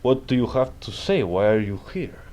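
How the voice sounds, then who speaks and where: A man's voice: medium pitch, big pitch swings, normal speed, a little mellow, close to an everyday voice. A man playing a boastful Russian strongman leader in an improv scene, with a put-on Russian accent, broken grammar and pompous threats. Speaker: improv player.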